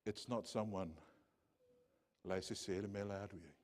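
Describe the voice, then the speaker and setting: A male pastor, preaching in a church with impassioned storytelling that swings between hushed and loud passages. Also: on the low side, steady tone, moderate pace. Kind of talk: sermon.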